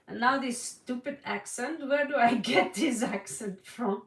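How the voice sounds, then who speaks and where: A woman's voice: a little high, a little slow, few pauses. A woman from Norway giving a live tarot reading, chatty and laughing often, calling viewers by name. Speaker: tarot reader. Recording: roomy echo, distant mic.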